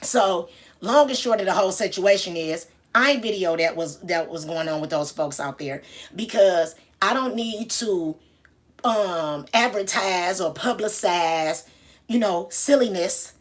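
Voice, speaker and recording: A woman's voice: on the low side, a little slow. A woman telling a story casually and greeting viewers as she goes. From Detroit. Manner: chatty, shouts out viewers mid-story. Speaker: vlogger.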